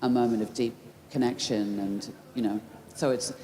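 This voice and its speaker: A woman's voice: rumbling low, steady tone, moderate pace, dark tone. A woman answering audience questions at a festival Q&A, reflective, often restarting mid-thought. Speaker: festival Q&A guest. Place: large festival tent. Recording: roomy festival tent with background noise.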